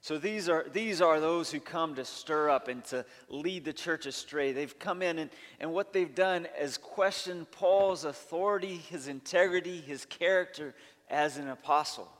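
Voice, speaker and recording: A man's voice: fairly high pitch, moderate pace, a bit bright. A male pastor preaching a sermon, earnest and emphatic, stacking up long lists of points. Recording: long reverb of a large hall.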